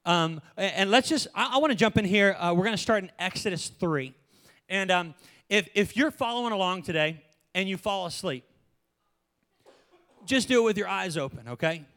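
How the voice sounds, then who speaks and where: A young man preaching a sermon in a joking, animated way, often laughing. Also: sits high, normal speed. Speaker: pastor.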